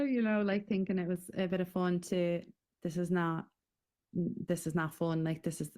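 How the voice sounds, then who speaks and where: A middle-aged Irish woman giving a halting, emotional personal testimony as a guest in an interview. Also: fairly low pitch. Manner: halting and emotional, with frequent pauses and fillers.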